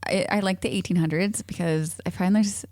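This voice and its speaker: A woman's voice: lowish voice, fairly even intonation, brisk, darkish tone, no echo. A woman co-hosting a podcast in a bubbly, playful, chatty way. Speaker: podcast co-host. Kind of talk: casual chat.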